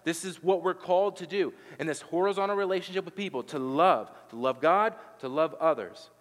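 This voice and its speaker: A man giving a sermon as pastor, moving from loud, emphatic preaching to soft, intimate appeals to the congregation. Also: fairly high pitch, fairly quick. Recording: long reverb of a large hall.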